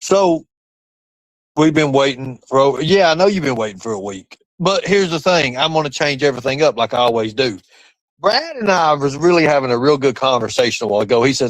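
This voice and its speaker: A man's voice: fairly high pitch, very animated, fairly quick, no room sound, rough recording. Boastful rambling male livestreamer. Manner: boastful, rambling, talks to chat. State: cold. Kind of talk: boastful casual livestream rant.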